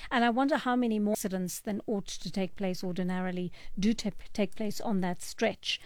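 A woman from South Africa hosting a talk radio show, reading listener messages and taking calls in a measured, wry manner. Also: mid-range voice, steady tone, darkish tone, no echo. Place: radio studio.

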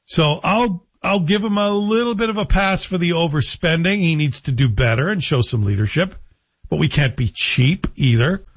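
Husky man with sardonic political commentary. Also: a little high, lively intonation, normal speed, no echo, lo-fi sound. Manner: sardonic, rhetorical questions to the listener. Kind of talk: opinionated monologue.

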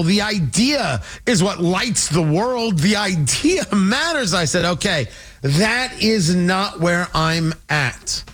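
A man delivering an opinionated political monologue, sarcastic and animated, slipping into mocking voices. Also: high-pitched. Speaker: political commentator.

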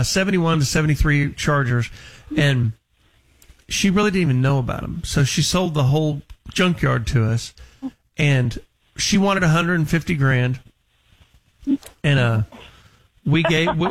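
A man hosting a radio show, telling a story to a caller in quick, chatty talk. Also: a little high. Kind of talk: casual radio chat.

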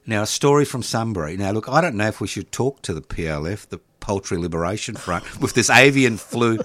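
A man's voice: on the low side, expressive, brisk, hardly any pauses, a bit bright, no room sound. A man hosting casual talk radio, jokey and teasing, drawing out words for emphasis. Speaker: radio host.

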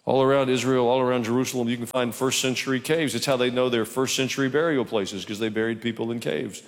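A man preaches a sermon in a conversational style, dropping in humorous asides. His voice has a gravelly edge, and it carries with a long reverberant tail through the church. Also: medium pitch, fairly even intonation, quick pace. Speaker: pastor.

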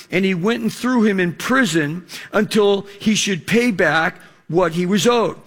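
A middle-aged man preaching a sermon in a conversational way, with lots of fillers, slowing down to read scripture. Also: high voice, a bit bright. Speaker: pastor.

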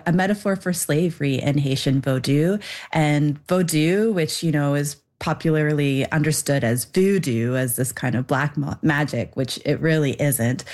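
A woman's voice: low voice, a little mellow. A young woman, a filmmaker guest in an interview, explaining her subject thoughtfully with frequent fillers. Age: young adult. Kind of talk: interview answer.

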